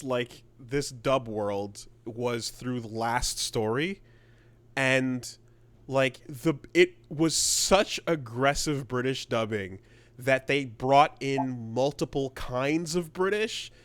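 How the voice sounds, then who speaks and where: A man's voice: mid-range voice, slow pace, a bit bright, no echo. A man co-hosting a podcast in casual chat, rambling with lots of restarts. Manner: rambling, many fillers and restarts. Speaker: podcast co-host.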